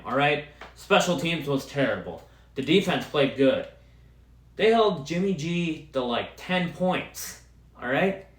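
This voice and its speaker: A man from Wisconsin hosting a solo podcast, ranting about football with heavy profanity. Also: a little high. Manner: profane, heated sports ranting. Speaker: podcast host. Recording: roomy echo.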